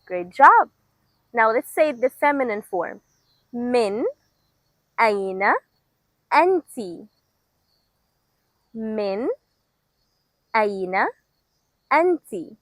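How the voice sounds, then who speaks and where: A woman's voice: a little high, animated, a bit bright, dry recording, low-quality recording. Upbeat woman teaching a language lesson outdoors. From Egypt. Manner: slow, clear, encouraging drill delivery. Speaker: Arabic teacher. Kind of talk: language lesson with repetition drills.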